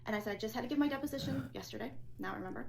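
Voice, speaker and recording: A former assistant assessor, filming herself indoors, vents in an agitated, rapid-fire monologue about a workplace clash, acting out every line of dialogue. Her voice is on the high side and darkish with vocal fry, and the audio quality is poor.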